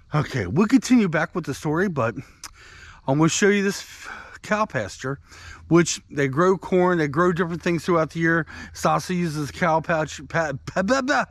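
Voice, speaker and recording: A man's voice: fairly high pitch, a bit bright, no echo. A man vlogging outdoors on a country walk, telling a rambling, conversational story to his viewers. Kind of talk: casual storytelling while walking.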